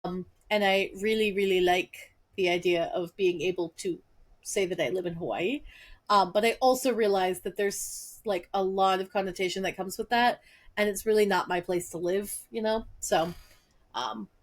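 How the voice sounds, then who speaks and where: A woman's voice: medium pitch, moderate pace. A young adult woman co-hosting a podcast, chatting casually and acting out the dialogue in her stories. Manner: lively, acts out quoted dialogue. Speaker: podcast co-host. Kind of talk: casual chat, animated storytelling.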